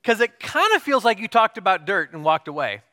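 A man's voice: high voice, big pitch swings, brisk, pushed and bright, heavily acted. A man voicing a group of confused male disciples who question their teacher sarcastically. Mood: incredulous.

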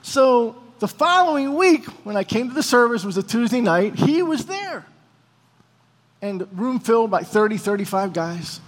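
A man with a notably high voice tells a sermon story with energy, acting out each exchange. His voice rings with a long reverberant tail, as in a large hall. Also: normal speed. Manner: animated storyteller, acting out dialogue. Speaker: preacher.

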